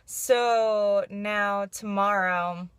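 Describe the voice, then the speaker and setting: A woman's voice: medium pitch, steady tone, extremely slow, clean tone, no room sound. A young woman vlogging in a casual, chatty way, saying "like" constantly and laughing through her frustration. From New York. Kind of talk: casual vlog chat.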